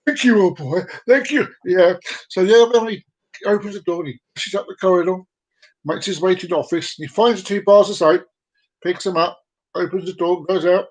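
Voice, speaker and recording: A man's voice: high-pitched, fairly even intonation, a little fast, low-quality recording. A man hosting a casual live comedy show, chatty and playful, giggling at his own jokes. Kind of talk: casual joke-telling.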